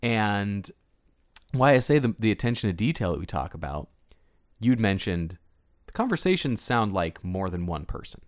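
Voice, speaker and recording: A man co-hosting a casual film discussion, animated and often restarting his sentences, sometimes acting out characters' lines in a playful higher voice. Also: normal speed, no room sound, studio quality. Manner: animated, acts out characters' lines with playful high-pitched impressions. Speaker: podcast co-host.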